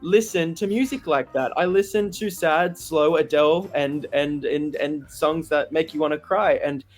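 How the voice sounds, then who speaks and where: A young Australian man with a fairly high voice, speaking openly in an interview. He is animated and candid and laughs easily. Faint music plays underneath. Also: moderate pace. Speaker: interviewee, singer. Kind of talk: open, emotional interview chat.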